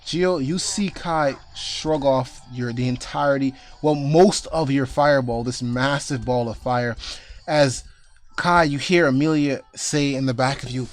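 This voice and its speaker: A young man narrating as game master in a relaxed, hesitant way, often calling players "buddy". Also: mid-range voice, a little slow.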